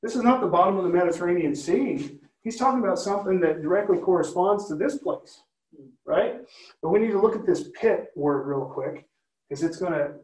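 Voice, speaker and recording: A man's voice: on the high side, darkish tone. A man leading a Bible study, teaching conversationally and often checking in with listeners by asking questions. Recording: roomy, from a distance.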